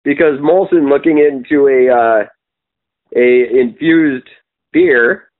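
A man's voice: mid-range voice, takes it slowly. A Canadian man co-hosting a podcast, talking politics in an opinionated, profane, rambling way with many ums. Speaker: podcast co-host. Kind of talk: casual political chat. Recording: tinny phone-like sound.

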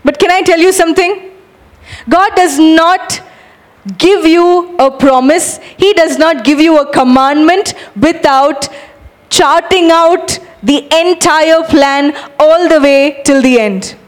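A woman preaching a sermon to a congregation, energetic and urging, acting out animated demonstrations. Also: high-pitched, slow.

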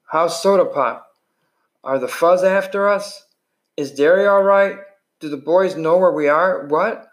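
An anxious young runaway boy, eager and breathless with questions, as a man reading aloud puts him on. The voice climbs well above the reader's own pitch, bright with worry. A storybook voice with a questioning lilt. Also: unhurried.

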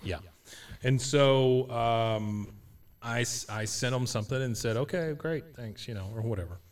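A man in the middle of his range hosts a loose podcast chat, dry and deadpan in his humour. He sits a little back from the microphone, so his voice carries some distance. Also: medium pitch, a little slow. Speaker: podcast host. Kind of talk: casual chat.

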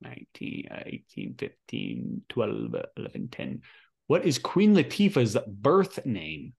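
A man's voice: fairly low pitch, wildly swooping pitch, slow, creaky, darkish tone, breathy edge. A man co-hosting a casual podcast, reading trivia questions aloud and hesitating often with fillers. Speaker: podcast co-host.

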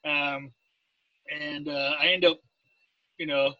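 A man's voice: fairly high pitch, slow, no echo. A man from Leeds with an English accent, telling stories as an interview guest and acting out the people he quotes. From Leeds, England. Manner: animated, acts out quoted voices. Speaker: guest, Navy veteran. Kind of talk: casual interview storytelling. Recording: dry, dull lo-fi sound.

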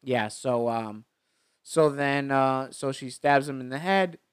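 A man chatting casually as he retells a movie, rambling and stopping often to restart his sentences. His voice is smooth and clean. The sound is close and dry, with no room echo. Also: mid-range voice, takes it slowly. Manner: rambling retelling with many fillers. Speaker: movie recap co-host. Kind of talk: casual chat.

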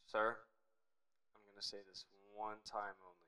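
A podcast co-host putting on a rude, impatient fast-food cashier who swings from mock-formal politeness to cursing. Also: male voice, lowish voice, level tone, pushed and bright, smooth, pitched below the performer's own voice. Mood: exasperated.

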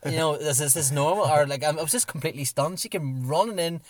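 Excitable man telling stories. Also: a little high, quick pace, few pauses, no echo. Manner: excitable storyteller who acts out his own shouts. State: hoarse from shouting. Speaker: podcast co-host. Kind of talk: casual football chat.

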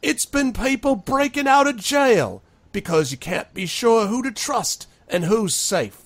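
A man's voice: very high-pitched, expressive, measured pace, pitched above the performer's own voice, heavily acted. Man doing a rabble-rousing street crook. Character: scheming male street criminal rousing a crowd.

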